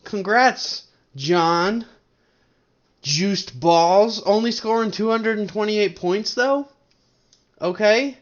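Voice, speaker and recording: A man's voice: high-pitched, slow, pauses often, dull audio. A young man from Colorado hosting a casual fantasy league recap to camera, rambling and teasing his friends. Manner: rambling, joking, teasing banter. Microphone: webcam setup at a desk.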